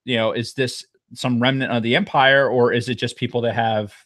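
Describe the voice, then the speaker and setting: A man's voice: mid-range voice, steady tone, fairly quick, a bit bright, dry recording, studio quality. A man co-hosting a podcast, chatting casually in a rambling, profane, jokey way. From New Jersey. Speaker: podcast co-host. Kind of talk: casual chat.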